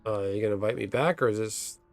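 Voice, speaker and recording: A man's voice: on the low side, quick pace, faint music behind. A man streaming a video game, chatting casually and telling a long story, swearing when the game crashes. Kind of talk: casual chat while gaming.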